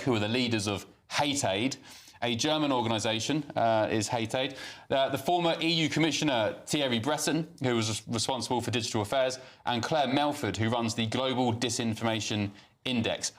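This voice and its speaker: A man co-hosting a talk show, reading out news items haltingly with fillers and restarts. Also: medium pitch.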